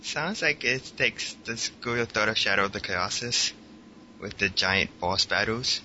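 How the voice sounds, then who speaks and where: A man's voice: on the low side, animated, a little slow, pushed and bright, slight background noise. A man hosting a casual gaming podcast, loose and joking, laughing often. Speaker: podcast host. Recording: dull lo-fi sound, faint music.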